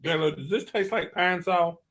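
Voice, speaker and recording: A man's voice: high voice, normal speed, fairly bright tone. Joking Southern man hosting a live stream. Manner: joking, teasing, rambling. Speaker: co-host of a travel livestream. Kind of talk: casual livestream chat.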